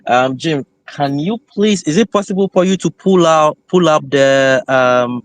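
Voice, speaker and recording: A man's voice: a little high, unhurried, no echo. Hesitant male caller, dry sound. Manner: hesitant, many fillers. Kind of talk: phoned-in question on a live show.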